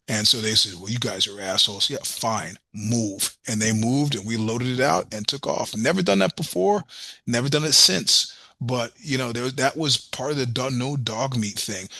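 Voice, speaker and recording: A man's voice: medium pitch, moderate pace, gravelly, pushed and bright, husky, no echo. Blunt, profane middle-aged man telling stories. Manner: blunt, profane storyteller acting out dialogue. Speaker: podcast guest, musician. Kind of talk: casual storytelling interview.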